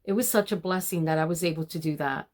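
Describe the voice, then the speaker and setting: A woman's voice: low-pitched, fast talker. Older woman giving homey devotional talk. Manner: warm, preachy, addresses viewers as ladies. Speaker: homemaking vlogger. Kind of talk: casual devotional talk to viewers.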